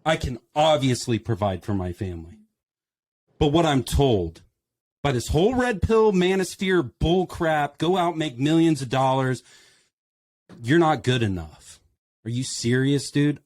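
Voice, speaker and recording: A man's voice: medium pitch, lively intonation, measured pace, a little mellow, dry recording. A man in a casual podcast discussion, speaking with passion and firing off emphatic rhetorical questions. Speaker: podcast panelist.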